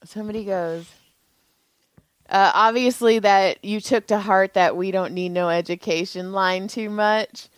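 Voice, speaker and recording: A woman's voice: medium pitch, unhurried, clean tone, no room sound. A woman co-hosting a podcast, telling stories in casual chat and laughing often. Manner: laughing, storytelling, animated. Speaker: podcast co-host.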